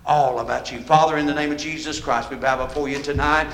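An older preacher delivers a folksy revival sermon in a high, bright voice, shouting and pulling amens out of the congregation. The church room around him rings with echo. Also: male voice, fairly even intonation, fast talker, creaky, a little hiss or hum. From American mountain South. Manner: folksy, shouting, call-and-response. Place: church sanctuary.

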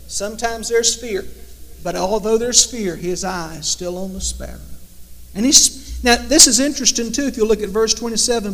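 A man delivers a sermon in a high voice. He swings between loud, emphatic lines and hushed, drawn-out ones, and a long reverb trails each phrase. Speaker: preacher.

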